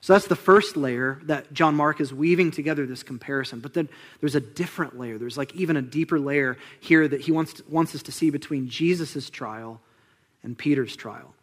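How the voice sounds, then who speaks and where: A young man preaching a sermon, conversational and animated, acting out the people in the story and dropping to a hush for solemn moments. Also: fairly high pitch, moderate pace. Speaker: pastor.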